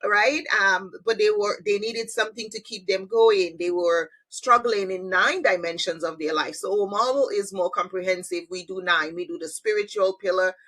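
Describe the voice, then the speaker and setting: A woman's voice: mid-range voice, fairly even intonation, normal speed, hardly any pauses, a bit bright. A woman hosting a podcast, enthusiastic and affirming as she explains her own model. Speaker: podcast host and conflict analyst. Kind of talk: interview conversation.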